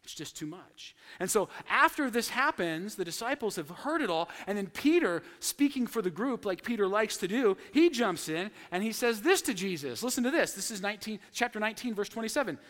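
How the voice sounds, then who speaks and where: A man preaching a sermon, telling a story with lively acted-out quotes. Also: high-pitched, brisk, hardly any pauses, in a large hall. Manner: animated storytelling, acting out quotes. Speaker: pastor.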